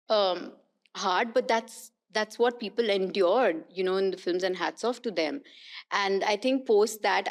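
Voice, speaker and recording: A woman, a guest on a podcast, telling stories animatedly and laughing often. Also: mid-range voice. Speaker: guest, actress and politician. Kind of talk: casual podcast conversation.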